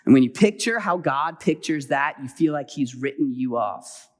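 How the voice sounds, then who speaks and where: A middle-aged man preaching a sermon as pastor, telling a personal story with animated swings between loud exhortation and quiet, hurried asides. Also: mid-range voice.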